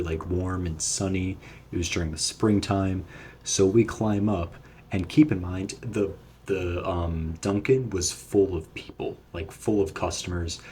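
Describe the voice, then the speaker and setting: Low-voiced young man telling a story. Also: a little mellow, breathy edge. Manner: casual, profane, rambling. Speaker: vlogger. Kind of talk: storytime vlog.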